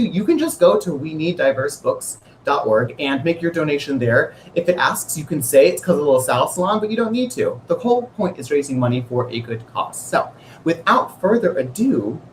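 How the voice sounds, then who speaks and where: A man's voice: high voice, slight background noise. A man hosting an online author event, talking in a bubbly, playful, chatty way over a video call. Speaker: host. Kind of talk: livestream hosting. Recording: roomy echo with faint music.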